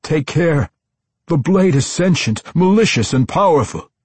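A man's voice: lively intonation, normal speed, a little mellow, husky, dry recording. A man voicing a frightened male commoner drow who pleads desperately and stammers in an audiobook. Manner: desperate, stammering, high-strung. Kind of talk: audiobook character voice.

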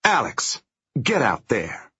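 A man's voice: fairly high pitch, slow pace, bright, forceful tone, slightly rough, muffled recording, voice pushed up, full character voice. A man voicing a harsh, commanding woman who leads a gang of thugs, barking impatient orders. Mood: bossy, mocking.

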